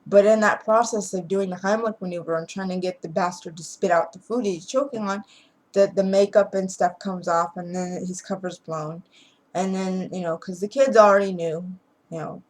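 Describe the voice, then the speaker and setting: A woman's voice: mid-range voice, rough recording. A woman casually retelling a movie plot in a rambling way, with restarts and chuckles. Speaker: movie reviewer.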